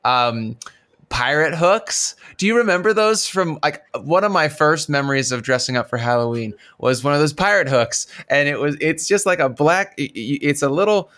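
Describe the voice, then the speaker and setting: Smooth-voiced man swearing bluntly. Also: on the high side, lively intonation, moderate pace, a bit bright. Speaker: podcast co-host. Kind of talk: casual chat.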